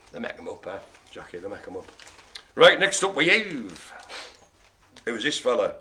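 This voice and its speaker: Lively, bright-voiced bingo host. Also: male voice, on the low side, a little hiss or hum. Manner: joking, chatty, quick asides with laughs. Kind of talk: lively bingo calling with banter.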